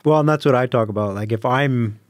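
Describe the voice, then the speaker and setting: A man who works as a climbing guide, talking in a relaxed, matter-of-fact way as a podcast guest. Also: medium pitch, brisk, no room sound, clean studio sound. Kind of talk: casual conversation.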